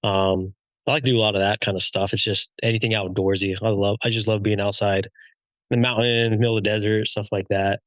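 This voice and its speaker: A man with a somewhat low voice chats in an easygoing, joking way about what he loves. The sound is dry and slightly dull. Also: level tone, brisk, no echo. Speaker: guest, father. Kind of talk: casual podcast chat.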